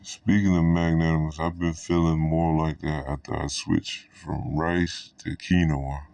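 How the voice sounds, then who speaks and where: A man's voice: extremely low pitch, level tone, a little slow, gravelly, a little mellow, dry recording, studio quality, distant mic. A man giving a rambling, profane monologue to the camera, laughing between thoughts. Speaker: vlogger.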